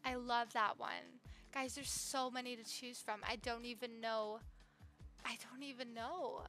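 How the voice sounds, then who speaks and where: High bright excitable young woman streamer. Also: unhurried, faint music behind. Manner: excitable, gushing, talks to chat. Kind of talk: live game stream chat.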